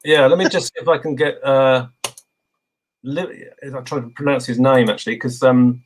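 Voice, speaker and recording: Man, interview guest, mid-pitched, relaxed, rambling, lots of ums. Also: normal speed, a little hiss or hum, poor audio. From England. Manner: relaxed, rambling, many fillers. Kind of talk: casual video interview.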